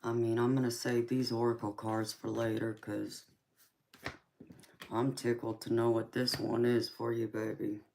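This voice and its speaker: Woman tarot streamer, unhurried and folksy, calls everyone honey; faint hiss behind her. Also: a bass voice, little pitch movement, creaky, dark tone. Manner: laid-back, affectionate, calls viewers honey and baby. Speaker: tarot reader, live stream host. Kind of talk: casual live chat with viewers.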